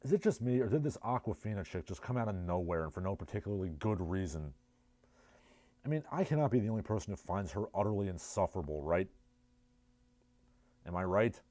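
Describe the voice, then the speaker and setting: A man's voice: low voice, lively intonation, brisk, long pauses, dark tone, no echo. A man with a New Jersey accent hosting a casual livestream, reading chat messages and riffing with sardonic, rambling asides. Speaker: livestream host.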